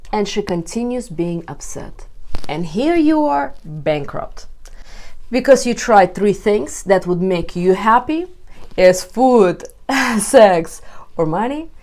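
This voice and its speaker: A woman relationship coach giving advice straight to camera to her viewers, expressive and emphatic. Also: mid-range voice, takes it slowly. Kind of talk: direct-to-camera advice video.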